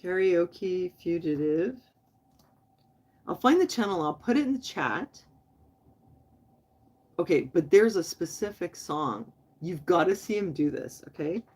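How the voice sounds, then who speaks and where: A woman with a fairly low, darkish, slightly rough voice speaks at a moderate pace and sounds very animated. She hosts a casual late-night livestream, chatting loosely and directly with viewers in the chat, laughing often in a friendly way.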